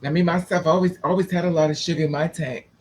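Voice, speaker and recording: A man's voice: on the high side, steady tone, fast. A man telling stories in a sassy, camp, dramatic way, acting out the people he quotes. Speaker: storyteller. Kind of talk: casual storytelling monologue.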